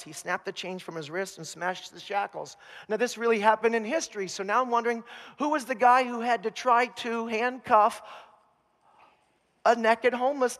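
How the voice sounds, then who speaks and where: A man preaching a sermon as pastor, telling the story with humor and animated asides. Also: high voice, in a large hall. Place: church.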